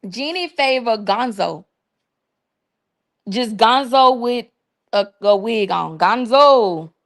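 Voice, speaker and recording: High-voiced woman ranting on a livestream. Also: animated. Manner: profane, mocking, drawn-out repetitions. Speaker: livestream host. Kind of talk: casual livestream rant.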